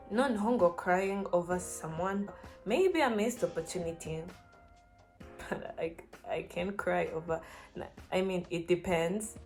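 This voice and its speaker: Slow-talking young woman. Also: on the low side, creaky, a little mellow. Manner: earnest, encouraging, peppered with "like" and "you know". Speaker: vlogger. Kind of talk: casual advice talk to camera.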